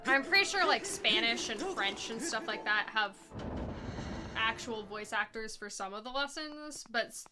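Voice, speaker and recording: Young woman streamer, casual chatter, lively pitch, game music behind. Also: a little slow. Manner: chatty, filler-heavy, rambling. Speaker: speedrunner streaming. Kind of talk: casual chat while playing a game.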